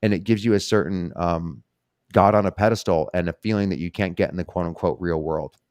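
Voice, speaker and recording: A male podcast host talks in a loose, candid way, swearing now and then without fuss. His voice is very low for a man, and the sound is dry with no room echo. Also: steady tone, a little fast, darkish tone. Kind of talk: casual conversational interview.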